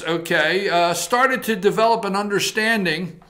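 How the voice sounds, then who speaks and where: A man hosts a talk show in a bright, forceful voice. His pitch sits a little high for a man, and he talks in a blunt, folksy way, straight to his viewers. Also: unhurried. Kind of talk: political opinion talk show. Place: TV studio.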